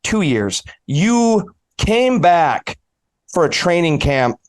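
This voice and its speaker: Young male podcast host, high-pitched, smooth and clear, keen and admiring. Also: sing-song, takes it slowly. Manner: eager, enthusiastic and admiring, laughs often. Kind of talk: casual interview.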